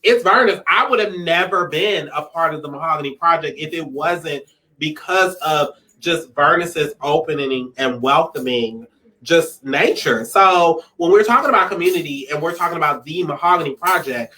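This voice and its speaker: A man's voice: fairly high pitch, normal speed, sharp tone, low-quality recording. A man co-hosting a community anniversary celebration, paying an emphatic, playful tribute to its leader. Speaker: event co-host.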